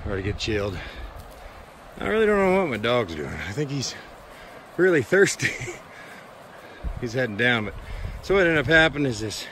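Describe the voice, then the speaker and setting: A man's voice: medium pitch, a bit bright, low-quality recording. A man talking casually while hiking and prospecting along a mountain creek, rambling and laid-back, a bit winded, recorded on a handheld camera outdoors. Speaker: prospecting vlogger. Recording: outdoor wind and creek noise. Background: flowing creek.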